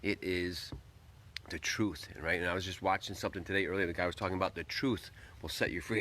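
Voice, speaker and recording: A man's voice: low voice, fairly even intonation, fairly quick, sharp tone, slight background noise. A man hosting a casual livestream, greeting viewers by name and rambling upbeat while he eats. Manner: talks while eating. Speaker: livestream host.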